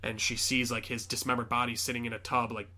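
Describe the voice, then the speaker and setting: A young man with a mid-range voice hosts a podcast, talking fast as he casually recaps a film scene by scene. He's an animated storyteller who acts out the characters and swears often.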